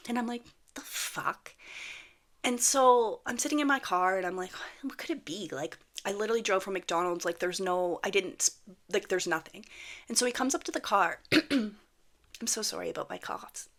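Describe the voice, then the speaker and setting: A woman's voice: medium pitch, expressive, normal speed, fairly bright tone. A woman in her thirties talking to camera about manifestation, chatty and blunt, swearing freely as she tells a story. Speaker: manifestation vlogger. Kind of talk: casual talk to camera.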